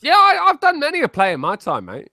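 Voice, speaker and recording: A man's voice: very high voice, wildly swooping pitch, brisk, sharp tone, dry recording. A British man co-hosting an online chat, trading sarcastic, teasing banter with mock offence. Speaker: podcast co-host. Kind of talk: casual chat.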